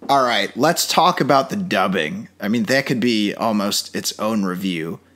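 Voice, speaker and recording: Brief: male podcast co-host, animated and jokey, pitch swings a lot. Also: unhurried. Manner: animated, jokey, does funny voices. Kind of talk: casual movie review chat.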